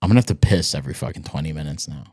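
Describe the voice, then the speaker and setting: A man's voice: very deep voice, animated, rapid-fire, darkish tone, slightly rough. A man on a comedy podcast, talking in a rambling, profane, giggly way. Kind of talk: crude comedic banter.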